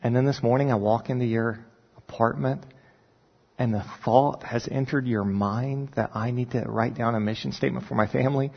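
A man, a pastor, telling a personal story in a sermon with animated, rising emphasis when he recounts his prayers. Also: medium pitch, moderate pace, vocal fry, slightly rough. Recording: dull sound with long reverb in a large hall.

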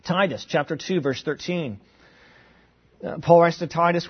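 A middle-aged man preaches a sermon with a husky, slightly raised voice, teaching earnestly and reading scripture aloud. He keeps asking his listeners rhetorical questions. The recording sounds dull and lo-fi. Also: a little high, measured pace, pauses often.

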